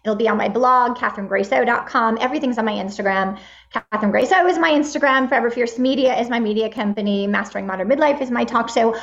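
A woman's voice: fairly high pitch, fast, fairly bright tone. A woman around sixty, a guest on the show, talking in an upbeat, motivational way. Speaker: guest, midlife empowerment advocate. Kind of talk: interview answers. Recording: dull lo-fi sound.

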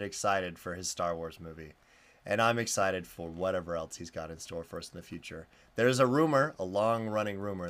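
A man's voice: deep voice, fairly bright tone. A man co-hosting a podcast in casual chat, talking with gushing enthusiasm. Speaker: podcast co-host.

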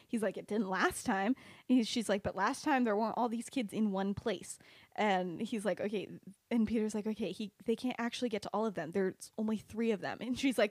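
A woman's voice: on the high side, lively intonation, moderate pace, no echo, clean studio sound. A young woman casually retelling a fan-fiction story on a podcast, chatty, with lots of "like" and "um" and laughter. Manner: chatty, many "like" and "um", laughs at her own story.

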